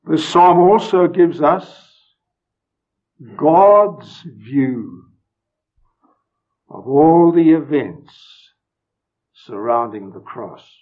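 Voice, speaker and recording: A man preaching a solemn, emphatic sermon, his voice swinging from loud declarations to hushed words. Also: fairly high pitch, animated, very slow, pauses often. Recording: dull lo-fi recording.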